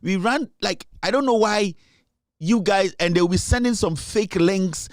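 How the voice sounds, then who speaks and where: A man's voice: high-pitched, animated, normal speed, no echo, studio quality. A Ghanaian man hosting a political commentary show, emphatic and repetitive, switching between English and Twi. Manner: emphatic, repeats points, mixes English and Twi. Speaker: show host.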